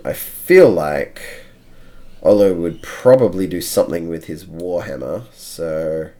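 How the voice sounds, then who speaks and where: A male game master narrates a tabletop battle in a measured way, counting out each move. His voice is deep and his pace unhurried. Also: dark tone. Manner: measured, counting out moves step by step.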